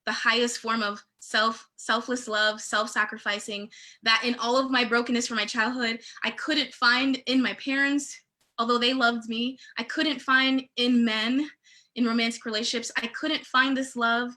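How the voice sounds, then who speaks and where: A woman guest speaking earnestly and haltingly about faith and love on a video call. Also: a little high, steady tone, sharp tone. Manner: earnest, halting, grows tearful. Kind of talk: heartfelt faith talk.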